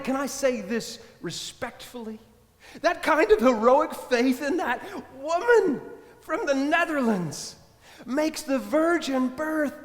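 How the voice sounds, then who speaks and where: A male priest preaching a sermon, telling stories emphatically, repeating refrains and speaking directly to the congregation. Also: very high voice. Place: church. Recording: long church reverb.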